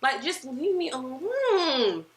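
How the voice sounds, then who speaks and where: A woman co-hosting a casual podcast chat, telling stories in an animated way and acting out the lines people said. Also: high-pitched, slow pace. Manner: animated storyteller who acts out quoted lines. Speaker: podcast co-host. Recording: roomy echo.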